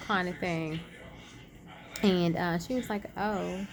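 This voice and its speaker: A woman vlogger casually retelling a personal story, chatty and animated, acting out quoted dialogue. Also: on the low side, slow, creaky, crowd noise. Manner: many fillers and restarts.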